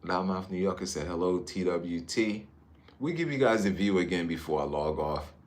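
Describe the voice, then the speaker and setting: A man from Newark, New Jersey, livestreaming casually from a high-rise hotel room on his phone and chatting with viewers about their comments. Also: animated, normal speed. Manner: laid-back, chatty, drifts between comments. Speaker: livestream vlogger.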